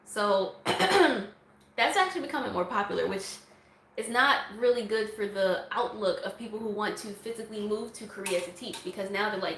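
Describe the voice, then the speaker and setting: A woman's voice: on the high side, animated, moderate pace, a bit bright, echoey room, a little hiss or hum, low-quality recording. A woman vlogger answering viewer questions in a casual, chatty way, laughing often. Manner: chatty, laughs often, breaks into song snippets. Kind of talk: casual Q&A chat.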